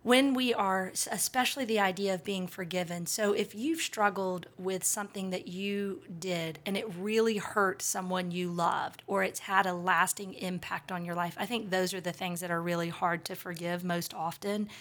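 A woman's voice: lowish voice, steady tone, a bit bright. A woman co-hosting a casual faith podcast, talking in an earnest, reflective way. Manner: earnest, reflective, quick bursts of laughter. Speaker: podcast co-host.

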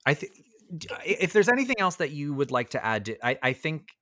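A man hosts a podcast in a casual, chatty way, often restarting his sentences. His tone is bright and forward, and his voice is recorded dry with no room sound. He gets animated when he retells scenes. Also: on the high side, fairly quick, dry recording. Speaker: podcast host. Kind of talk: casual film discussion.

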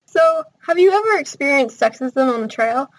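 Woman interviewer with a slightly high voice. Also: lively intonation, moderate pace, low-quality recording. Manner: brief encouraging reactions, short questions. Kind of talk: casual interview.

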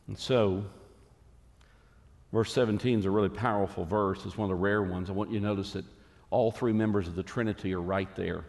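A man preaching a sermon as a pastor, earnest and emphatic, with dramatic pauses. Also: on the low side, steady tone, creaky, darkish tone, in a large hall.

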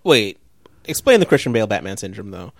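A man chats on a podcast in a quick, excitable rush, peppering his talk with likes and the odd curse. His pitch swings widely as he gets into a story. The recording is dry and close. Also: no echo. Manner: animated, rapid, swears casually, heavy use of like. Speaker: podcast co-host. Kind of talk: casual chat.

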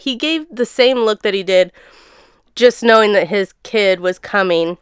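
A young woman recounting her experience in a relaxed, animated chat. Her voice is smooth and clear at a middle pitch. The sound is dry and close. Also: moderate pace, no echo. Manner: chatty, laughing, animated storytelling. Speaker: guest sharing birth story. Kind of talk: casual chat.

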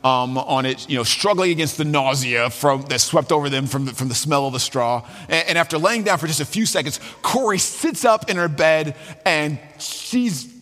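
A man's voice: fairly high pitch, moderate pace, fairly bright tone, big-room sound. A man preaching a sermon as a pastor, telling a story with fillers and restarts.

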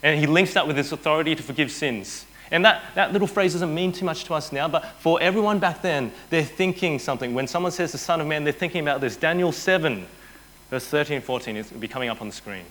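A man preaching a sermon as pastor, telling the story with energy and dropping to a hushed voice for quoted lines. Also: a little high, fast talker. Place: church.

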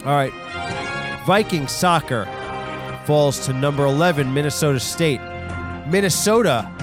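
A young man hosting a podcast, riffing on news in a rambling, profane way and swinging into loud mock outrage. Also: mid-range voice. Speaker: podcast host. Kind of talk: casual comedic news riff.

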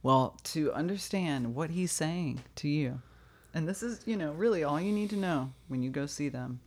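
A woman's voice: low voice, animated, moderate pace, a little mellow. A woman co-hosting a casual podcast chat, talkative and playful, laughing often. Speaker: podcast co-host.

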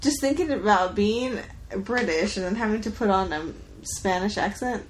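A woman's voice: medium pitch, lively intonation, normal speed, a little hiss or hum. An American woman co-hosting a casual podcast, asking curious questions about a movie in a chatty way. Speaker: podcast co-host. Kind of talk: casual movie-discussion chat.

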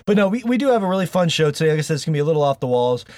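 A man's voice: on the high side, very animated, rapid-fire, a little mellow, no echo. A man hosting a gaming podcast in casual chat, joking, rambling and laughing often. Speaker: podcast host.

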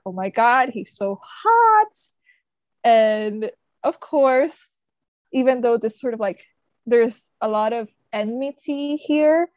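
A woman's voice: fairly high pitch, a little mellow, no room sound. A woman podcast co-host retelling a book plot in casual chat, full of "like" and "sort of" fillers. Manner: chatty, frequent fillers like "sort of" and "like".

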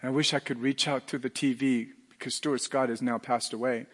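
A middle-aged male pastor preaching a sermon earnestly, dropping to a hush and then rising to loud emphatic lines. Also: mid-range voice, fairly even intonation, moderate pace, long reverb tail.

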